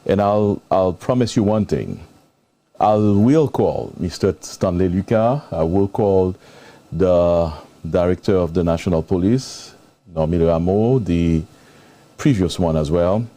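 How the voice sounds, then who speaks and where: Male host, low voice, dark mellow tone, emotional, effusive thanks. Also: expressive, measured pace. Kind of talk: live interview show.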